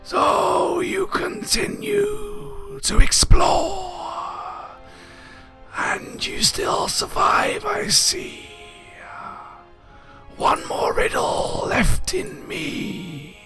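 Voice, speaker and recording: A man voicing an eerie mist spirit that speaks riddles in a whispered role-play, slow and drawn-out. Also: lively intonation, gravelly, bright, forceful tone, soft background music, heavily acted. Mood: taunting. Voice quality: high whispery voice in the head. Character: eerie misty spirit with a humanoid face, riddling.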